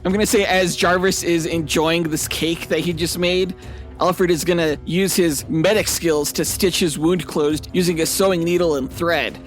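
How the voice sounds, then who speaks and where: A male podcast host with a fairly high voice lays out an absurd fight scenario in a playful, animated way. He often laughs at his own ideas. Faint music sits under his voice. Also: normal speed. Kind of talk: playful comedic debate.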